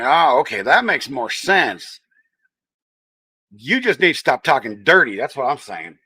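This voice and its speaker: A man's voice: medium pitch, big pitch swings, unhurried, pauses often, pushed and bright, husky, dry recording. A man with a Texan-tinged accent hosting a casual livestream, chatting and teasing his viewers as he reads the chat. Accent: Texan-tinged American. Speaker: livestream host.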